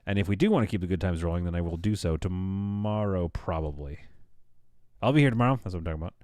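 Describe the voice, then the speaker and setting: A man's voice: low-pitched, quick pace, a little mellow, no room sound, studio quality. Tired, joking man streaming at night. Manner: joking, rambling, talks to chat. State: tired from staying up all night. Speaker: live streamer. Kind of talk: casual live-stream chat.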